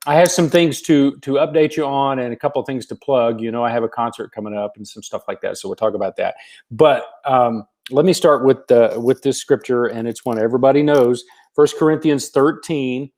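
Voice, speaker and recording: A man's voice: medium pitch, darkish tone. A man hosting a casual livestream, greeting viewers by name in a folksy way with many fillers. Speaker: gospel singer hosting a livestream.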